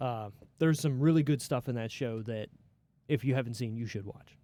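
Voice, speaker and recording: A man hosting a casual TV review podcast, animated and swearing casually as he talks. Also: mid-range voice, moderate pace. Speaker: podcast host.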